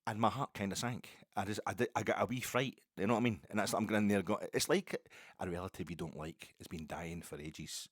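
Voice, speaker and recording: A man's voice: on the low side, fairly quick, no room sound, clean studio sound. A Scottish man hosting a solo football podcast, talking in a rambling, digressive, chatty way full of asides. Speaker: podcast host.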